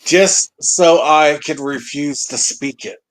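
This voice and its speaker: A man in a relaxed chat with friends who makes wry, joking remarks. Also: fairly high pitch, slow pace. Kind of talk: casual chat among friends.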